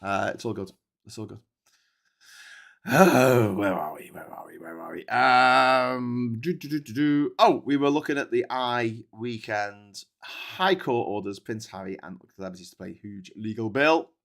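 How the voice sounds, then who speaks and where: A man's voice: medium pitch, moderate pace, gravelly, hardly any pauses, a bit bright. A man hosting a live news commentary stream, rambling and jokey, often correcting himself. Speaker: show host. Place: seated in his own show chair.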